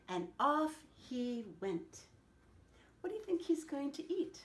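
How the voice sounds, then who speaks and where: A woman telling a picture-book story to children, animated and asking them questions along the way. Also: high voice, slow pace. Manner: animated, asks the listeners questions. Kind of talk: picture-book read-aloud. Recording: echoey room.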